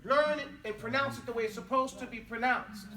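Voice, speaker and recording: A man with a very high, sharp voice teaches a classroom, pressing students on their pronunciation with blunt, emphatic corrections. He stands well back from the mic, and the room rings with echo. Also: a little fast. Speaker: Arabic teacher. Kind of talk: classroom pronunciation drill and lecture. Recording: echoey classroom, mic far off.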